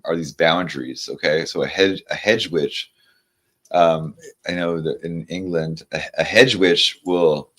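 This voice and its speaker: A man with a fairly low voice chats casually with his livestream viewers while pulling tarot cards. He rambles, stammers through restarts, and slows down to read each card's message aloud. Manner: reads card messages aloud slowly. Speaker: tarot reader.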